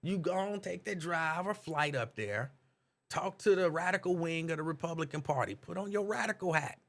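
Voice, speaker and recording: A man hosting a live talk stream, reading viewers' comments aloud and riffing on them in an animated, direct way. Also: fairly high pitch, normal speed. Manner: animated, talks straight to chat viewers. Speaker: talk show host reading live chat.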